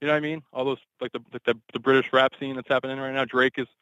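A man co-hosting a radio show, talking casually and quickly, full of "like" and restarts. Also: mid-range voice, level tone, sharp tone, clean tone, no echo, muffled recording. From Boston area, USA. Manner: quick, hesitant, many "like"s.

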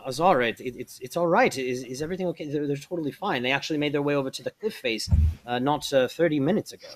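A man's voice: fairly high pitch, fast talker, close to an everyday voice. A man voicing a stuttering, anxious ship officer. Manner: heavy stuttering, reassuring.

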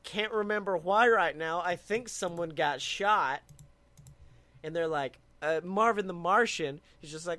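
A man co-hosting a comedy podcast tells a story in a high, bright voice. He talks slowly and deliberately, swears freely, and plays a mock courtroom lawyer. The recording is dry and close. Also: no room sound. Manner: animated storytelling, swears, laughs a lot. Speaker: podcast co-host.

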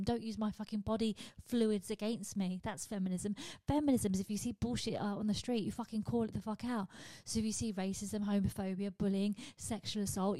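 A young woman, a comedian hosting a podcast, ranting in a casual, animated and sweary monologue. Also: medium pitch, no echo.

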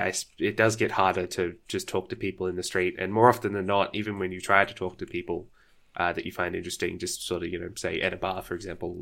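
Give me a hesitant, thoughtful man in a casual chat, with a low voice. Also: gravelly, fairly bright tone. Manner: thoughtful, hesitant, many fillers.

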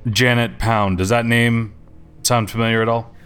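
A man's voice: mid-range voice, flat delivery, moderate pace, fairly bright tone, clear, resonant tone, soft background music. A man playing a tabletop game, speaking hesitantly and thinking aloud. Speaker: player. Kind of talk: casual tabletop game play.

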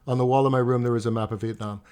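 A sheepish young schoolboy reading a line of his poem aloud, as a man acts him out in a story. He talks in an everyday voice at a middle pitch, small and apologetic at first and then loud. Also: fairly even intonation, rapid-fire, clear, resonant tone, lightly acted.

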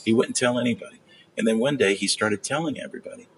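A man telling stories in casual chat, acting out the people he quotes with lively jumps in his voice. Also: fast talker, slight background noise, low-quality recording. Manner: animated storyteller, acts out quotes with big pitch jumps. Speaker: magician and storyteller guest.

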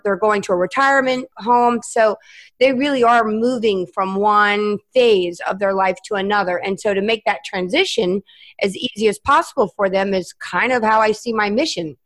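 A woman from Southern Maryland hosting a casual interview, agreeing readily and reflecting on helping clients. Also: medium pitch. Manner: warm affirming, quick to agree. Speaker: podcast host.

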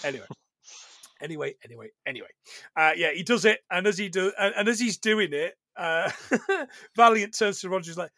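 A man hosting a casual podcast chat, joking, swearing and putting on quick voices for the characters he retells. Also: high voice, expressive, sharp tone, dry recording. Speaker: podcast host.

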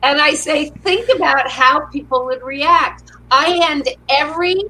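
A middle-aged woman with a crisp, bright and fairly high voice talks through upbeat stories as an interview guest. She acts out the lines of the people in her stories with warmth and humor. There is a faint hiss in the background of the recording. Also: unhurried, low-quality recording. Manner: upbeat storyteller who acts out quotes. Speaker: motivational speaker, guest. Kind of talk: casual interview conversation.

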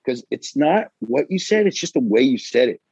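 Gravelly animated man on a podcast. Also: medium pitch, normal speed, no room sound, dull audio. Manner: animated, acts out quoted voices, says dude and bro. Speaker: podcast guest, firefighter and father. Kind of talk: casual podcast chat.

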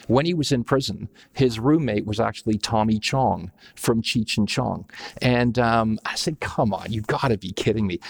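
A man's voice: mid-range voice, vocal fry. A man, a company founder, telling a story as an interview guest, with lots of fillers and restarts. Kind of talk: casual anecdote.

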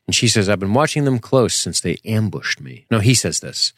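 Male podcast co-host, lowish voice, dry close sound, casual and profane. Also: big pitch swings, normal speed, a bit bright, no echo. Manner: joking, profane, acts out quotes from the show. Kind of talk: casual recap chat.

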